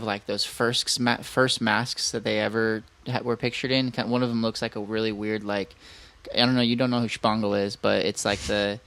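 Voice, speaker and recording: A man's voice: fairly low pitch, gravelly, fairly bright tone, clean tone. A man co-hosting a podcast in casual chat, rambling with many fillers and restarts. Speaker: podcast co-host.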